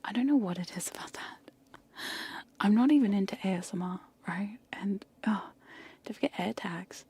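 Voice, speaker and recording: A young woman in a whispered role-play style ASMR livestream, chatting casually and giggly, whispering close to the mic and slipping into soft speech. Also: mid-range voice, normal speed, slight background noise. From United Kingdom. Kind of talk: whispered chat on stream. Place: home streaming setup. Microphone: close condenser mic.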